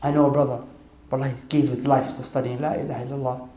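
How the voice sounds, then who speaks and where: A man's voice: little pitch movement, fast. A man giving an informal religious talk, storytelling emphatically and repeating oaths for stress. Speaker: Islamic speaker. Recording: echoey, dull low-fi sound.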